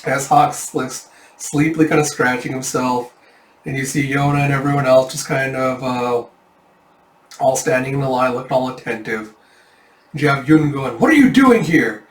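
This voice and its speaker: A man's voice: mid-range voice, little pitch movement, normal speed. A man casually narrating a manga read-through, rambling and self-deprecating with many fillers. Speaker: manga reader. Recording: echoey room, distant mic.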